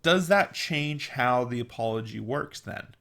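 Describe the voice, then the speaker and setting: A man's voice: mid-range voice, expressive, unhurried, vocal fry, a bit bright. A man giving an earnest, opinionated vlog monologue to camera in a casual manner. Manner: earnest and opinionated, with mocking put-on voices. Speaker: vlogger.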